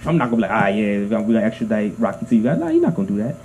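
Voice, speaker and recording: A man in a casual chat with friends, rushing his opinions out with lots of fillers. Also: on the low side, wildly swooping pitch, a little mellow, slight background noise. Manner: rapid talk with many fillers. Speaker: podcast co-host.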